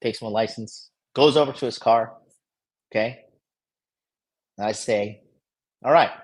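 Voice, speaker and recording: This dating coach vlogger speaks at a fairly low pitch with fairly even intonation, a little slowly, over poor audio. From a private hospital room he tells a casual story, bragging and swearing heavily throughout.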